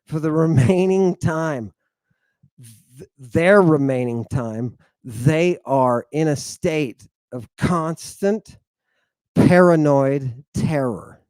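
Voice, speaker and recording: A man lecturing his congregation in a theatrical way, swinging between loud outbursts and low mutters. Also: takes it slowly, no room sound. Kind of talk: animated lecture with asides.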